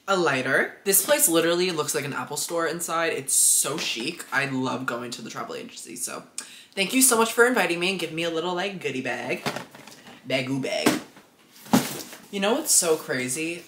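A man's voice: a little high, very animated, fairly quick, roomy sound, noisy background. A young man vlogging casually, dramatic and self-deprecating, gushing about things. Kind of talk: casual vlog chatter.

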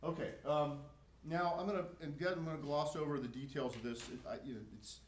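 A man's voice: a little high, steady tone, brisk, echoey room, a little hiss or hum, rough recording. A man lecturing to a class as a psychology professor, casual in tone, with frequent fillers and restarts.

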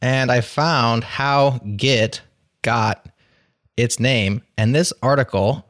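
A man's voice: medium pitch, steady tone, takes it slowly, a bit bright, no room sound, studio quality. A man hosting a podcast in casual tech chat, curious and asking follow-up questions. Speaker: podcast host.

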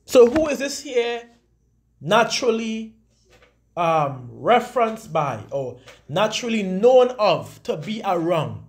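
High-voiced man teaching scripture casually. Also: big pitch swings, breathy edge. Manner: conversational, drawls read-out definitions slowly; frequent fillers and restarts. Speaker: religious teacher.

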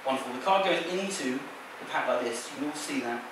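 On a large theater stage, a stage magician performs a card trick, teasing his volunteer with playful patter. His mid-range voice is expressive and quick, with background noise, and the sound is echoey and distant.

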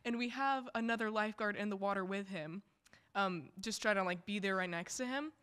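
A young woman co-hosting a student podcast, telling a work story in a relaxed way with many fillers. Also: medium pitch, a little fast, a little hiss or hum. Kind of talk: casual storytelling.

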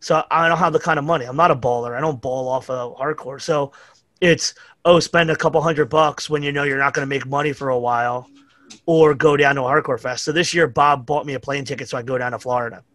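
This podcast guest is a middle-aged man from New York who talks fast in a steady, mid-range, slightly bright voice. His casual storytelling wanders and swears freely, with quotes acted out, and the recording is dry.

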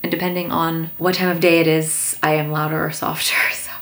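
Soft-spoken woman with a low, gravelly voice. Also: flat delivery, a little fast. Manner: soft-spoken, quiet conversational volume. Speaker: travel vlogger. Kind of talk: casual Q&A vlog. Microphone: camera mic, self-recorded on tripod.

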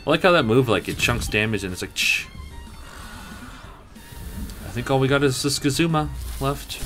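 A young man commentating on his playthrough, excitable and often swearing. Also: medium pitch, fast, faint music behind. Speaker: gaming channel host. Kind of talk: let's play commentary.

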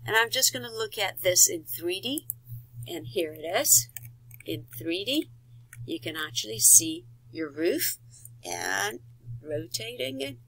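A woman giving a step-by-step software tutorial, talking through each click with fillers and quick self-corrections. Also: on the low side, creaky, breathy edge, low-quality recording. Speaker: instructor.

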